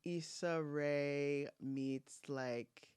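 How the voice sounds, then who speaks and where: A woman's voice: deep voice, fairly even intonation, extremely slow, darkish tone, clean tone, dry recording, studio quality. A young woman in her twenties hosting a casual podcast chat, bubbly and full of slang, laughing easily. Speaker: podcast host.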